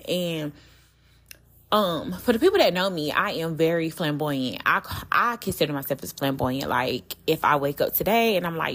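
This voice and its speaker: A woman's voice: sits low, moderate pace. A young adult woman hosting her own podcast. She talks candidly in slang, curses often and speaks straight to her listeners. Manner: candid, slangy and animated, with frequent cursing. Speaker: podcast host. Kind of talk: casual solo podcast talk.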